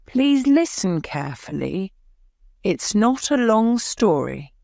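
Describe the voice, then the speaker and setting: A woman's voice: mid-range voice, sing-song, slow, vocal fry, dark tone, no room sound, clean studio sound, pitched above the performer's own voice, heavily acted. A woman voicing a stern male prosecutor speaking formally to a jury. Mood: grave. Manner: grave, formal.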